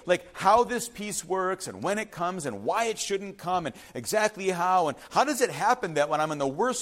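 Animated high-voiced male preacher. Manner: dramatic, swings from loud urgency to soft hush. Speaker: pastor. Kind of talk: sermon.

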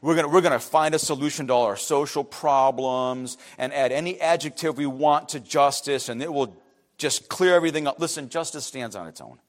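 A man preaching a sermon as pastor, passionate and animated, breaking off for quick asides to the congregation. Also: medium pitch.

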